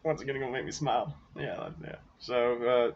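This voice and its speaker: A man hosting a sports podcast, rambling through game results and his bets in a casual, profane, excitable way. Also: mid-range voice, normal speed. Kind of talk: casual sports recap and betting talk. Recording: dull lo-fi recording with faint noise.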